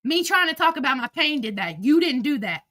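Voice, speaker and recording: A woman's voice: high-pitched, sing-song, brisk, sharp tone, no room sound, studio quality. A woman hosting a livestream, ranting angrily and emotionally with lots of swearing and repetition into a phone. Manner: angry, profane, emotional, repeats herself. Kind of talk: heated livestream rant.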